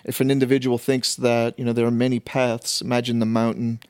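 A man's voice: mid-range voice, flat delivery, fairly quick, darkish tone, no echo. A man in casual conversation, explaining ideas through long illustrations with many fillers. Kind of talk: casual conversation about faith.

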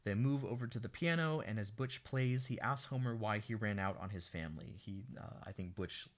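A man's voice: lowish voice, a little fast. A man co-hosting a casual podcast, recapping an old film scene by scene and acting out the characters' lines. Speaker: podcast co-host. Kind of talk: casual movie recap chat.

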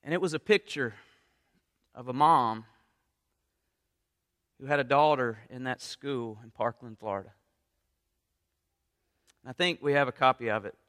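A man preaching a sermon with passion, going from quiet talk to loud appeals. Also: mid-range voice, a little slow, pauses often, in a large hall. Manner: impassioned, rises from quiet to loud. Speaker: pastor.

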